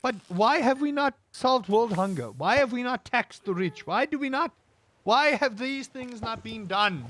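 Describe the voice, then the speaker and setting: A man streaming a game while he rants, throwing out rhetorical questions and pushing his voice up high when he gets worked up. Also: lively intonation, measured pace, a bit bright. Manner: ranting, piles up rhetorical questions. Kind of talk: casual rant while gaming.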